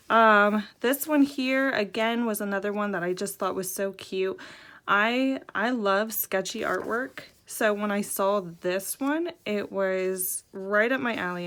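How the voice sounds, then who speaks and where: A young adult woman hosting a casual show-and-tell video, excitable and giggly, her voice jumping up high when she's thrilled. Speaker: host.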